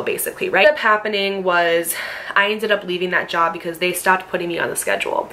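A young woman telling a personal story straight to camera with a bright, forceful voice. She is heated and blunt, swearing freely and firing off rhetorical questions. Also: medium pitch, fairly even intonation, quick pace. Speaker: storytime vlogger. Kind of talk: casual storytelling.

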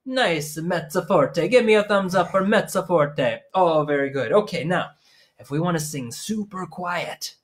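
A man's voice: sits high, lively intonation, unhurried. A man teaching young children music over a live stream from home, talking playfully and singing a silly song between explanations into a microphone on a stand.

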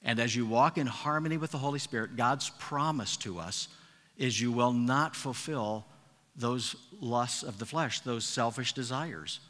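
A male pastor preaching with a bright, forceful voice, pressing each point home and circling back on key phrases. His words ring out through the long reverb of a church sanctuary. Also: mid-range voice, measured pace. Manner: emphatic, repeats key phrases. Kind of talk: sermon.

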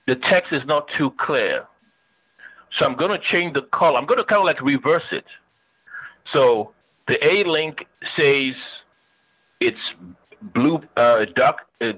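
Bright-voiced man teaching web design. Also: medium pitch, low-quality recording. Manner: chatty, thinks aloud while demonstrating; joking with students. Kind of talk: casual screen-share lecture.

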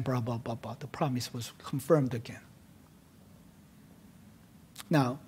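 A man, a pastor, preaching an expository sermon, moving between casual asides and emphatic declarations that fall to hushed tones. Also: medium pitch, fairly even intonation, moderate pace, hardly any pauses, husky. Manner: emphatic, swings from loud declarations to hushed near-whispers; conversational asides amid teaching.

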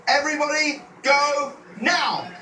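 A man's voice: very high voice, a little slow, bright, forceful tone. A man hosting a party game in a house, chatty and laughing often. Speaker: host. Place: house interior. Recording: echoey room, far from mic, noisy.

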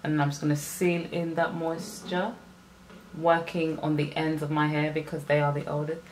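A young woman with a low, full voice talks her viewers through her hair routine at home. She chats freely and breaks into exclamations, picked up on a camera mic with a faint hiss underneath. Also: flat delivery, moderate pace. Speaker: natural hair vlogger. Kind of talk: casual hair care vlog.

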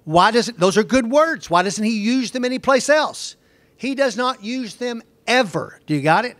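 A man's voice: very high voice, lively intonation, moderate pace, fairly bright tone, dry recording. Man teaching a Bible lesson, dry sound. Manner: reads scripture aloud, then explains with rhetorical questions.

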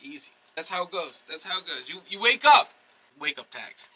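A man's voice: sits high, big pitch swings, fairly quick, sharp tone, slightly rough, rough recording. A man from the United States co-hosting a casual reaction chat, laid-back and musing. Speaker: reaction channel host.

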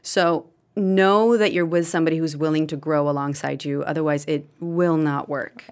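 Woman, thirties, podcast guest, earnest, heartfelt, lowish voice. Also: steady tone, normal speed. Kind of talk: casual podcast conversation.

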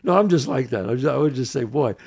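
A man hosting a casual interview, chatting with quick reactions and questions. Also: medium pitch, animated, vocal fry, darkish tone. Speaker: talk show host.

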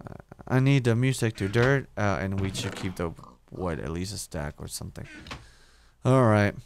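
A young gaming YouTuber gives casual let's-play commentary on his own gameplay, talking to himself at normal speed in a lowish voice. He swears often and repeats words when panicking, with a little hiss or hum in the recording.

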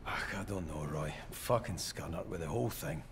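An actor playing a blunt, hot-tempered Scottish electrician on an oil rig who swears freely. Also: male voice, extremely low pitch, brisk, a little hiss or hum. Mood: weary.

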